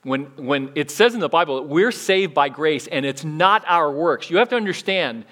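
A man's voice: fairly high pitch, lively intonation, moderate pace, fairly bright tone. Conversational man preaching a sermon. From United States. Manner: conversational preaching, restarts and swings in volume. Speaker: pastor.

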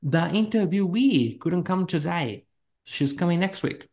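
A man's voice: sits high, lively intonation, measured pace, a little mellow. A man co-hosting a podcast, chatting casually and rambling with lots of fillers and frequent laughter. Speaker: podcast co-host.

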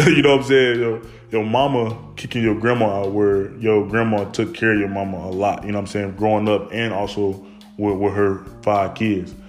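Low-voiced young man telling a rambling story. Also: flat delivery, moderate pace, faint music behind. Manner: rambling, heavy on fillers and restarts. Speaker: storyteller recounting his childhood. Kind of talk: casual personal storytelling.

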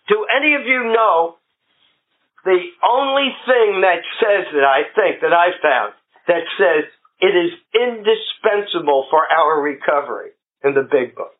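Middle-aged man, recovery meeting speaker, unhurried and anecdotal, lo-fi phone-like recording. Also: high voice. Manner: plain-spoken, anecdotal, self-deprecating humor. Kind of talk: personal recovery talk. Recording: phone-like lo-fi with faint hiss.

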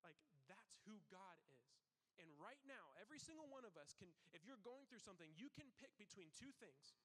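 A young man giving a casual, animated sermon to students as youth pastor, full of fillers and acting out God's questions. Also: high voice, a little fast. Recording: long hall reverb.

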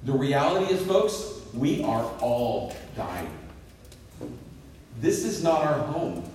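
A man in his fifties preaching a sermon as pastor, telling jokes on himself in a lively, swooping voice. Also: takes it slowly, a little hiss or hum. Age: 50s. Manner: lively, self-deprecating storytelling with swooping pitch. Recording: echoey hall picked up from a distance.

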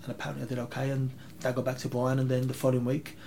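A man, telling rambling, animated anecdotes as an interview guest. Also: medium pitch, very fast, vocal fry, a little hiss or hum. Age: 30s. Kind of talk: casual interview storytelling.

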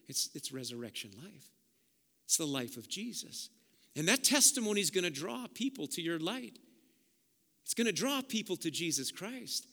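A man preaching a sermon as pastor, impassioned and building to loud peaks, then turning soft and prayerful in an altar call. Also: sits high, sing-song, moderate pace, creaky. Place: church sanctuary with long reverb. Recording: reverberant church hall.

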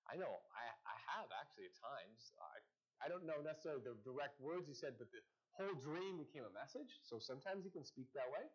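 A man's voice: medium pitch, expressive, quick pace, slightly rough, dull audio. A man from the American Northwest giving a casual teaching talk to a group, conversational, with frequent restarts and fillers. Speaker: campus ministry teacher.

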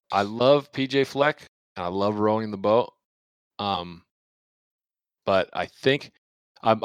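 A man's voice: lowish voice, smooth, no room sound. A man co-hosting a casual sports betting podcast, joking and rambling with fillers. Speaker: podcast co-host.

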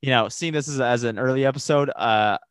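A man's voice: mid-range voice, brisk, clean tone, no echo. Laid-back guy on a podcast, kinda hesitant, lots of you knows, dry mic. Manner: easygoing, hesitant, many restarts. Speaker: podcast co-host. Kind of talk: casual podcast chat.

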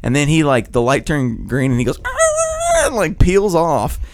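A man telling a story in casual podcast chat, profane and animated. His pitch swings widely as he acts out the people in it. The sound is dry, close to the mic. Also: moderate pace, dry recording.

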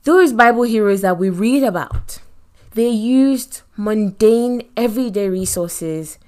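A middle-aged woman from Nigeria with a Nigerian accent, telling a personal story in a motivational faith talk, animated, with many asides and repeated phrases. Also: a little high, takes it slowly. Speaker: podcast host and Christian speaker.

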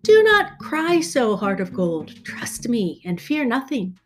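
A woman's voice: mid-range voice, lively intonation, slow pace. A woman voicing a brave, cheerful young prince disguised as a shepherd, bold and calling out. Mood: comforting.

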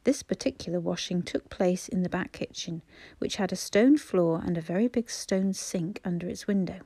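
A woman reading a children's storybook aloud, gently voicing the children's lines. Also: lowish voice, normal speed, breathy edge, dry recording. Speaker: audiobook narrator.

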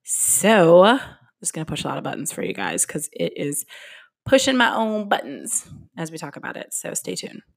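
A woman's voice: sits low, huge pitch swings, normal speed, gravelly. A woman hosting her own podcast in casual solo chat, out of breath and candid, laughing at herself. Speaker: podcast host. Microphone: podcast microphone.

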